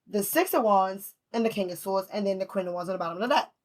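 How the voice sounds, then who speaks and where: A woman's voice: mid-range voice, animated, quick pace. A woman giving a casual tarot reading at home. She is chatty, laughs often and swears freely. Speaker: tarot reader.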